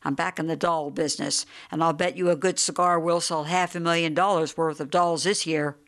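A woman voicing a restless middle-aged businessman in a storybook reading, brisk and hearty when he has work to chase. Her voice sits a little low. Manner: brisk and hearty when busy, flat and dull when idle. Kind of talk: audiobook character reading.

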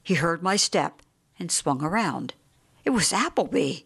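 Steady female audiobook narrator. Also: fairly low pitch, measured pace, gravelly, husky. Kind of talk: audiobook narration of a short story.

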